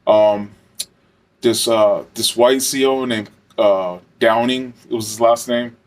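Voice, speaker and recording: A man's voice: mid-range voice, steady tone, takes it slowly. A man and former correctional officer telling a casual story, rambling and swearing with lots of fillers. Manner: rambling, profane, many fillers.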